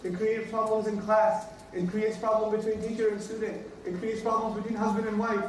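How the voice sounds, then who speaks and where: A man's voice: sits high, little pitch movement, a little fast. A man giving a religious lecture, speaking emphatically, repeating his key points and acting out everyday dialogues. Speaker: Islamic teacher. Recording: echoey room, distant mic, faint noise.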